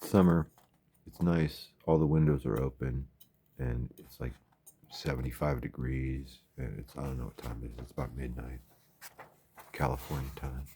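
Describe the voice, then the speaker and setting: Very deep gravelly man, rambling. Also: steady tone, normal speed, noisy background. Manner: rambling, wry asides. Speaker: vlogger. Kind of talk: casual late-night commentary. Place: home at night, windows open.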